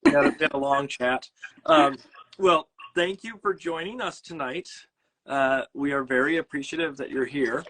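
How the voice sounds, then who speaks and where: A man's voice: fairly high pitch, normal speed, fairly bright tone, rough recording. A man with a Midwestern American accent hosting a casual livestream chat, rambling and correcting himself with jokes. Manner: rambling, self-correcting, jokey. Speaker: host.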